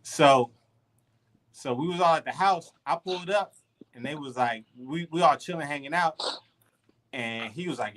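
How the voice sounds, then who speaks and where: A man's voice: on the high side, moderate pace, pauses often. A man telling a story in a loose, slangy way during a casual podcast chat, with many restarts. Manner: animated, slangy, full of restarts. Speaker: podcast co-host.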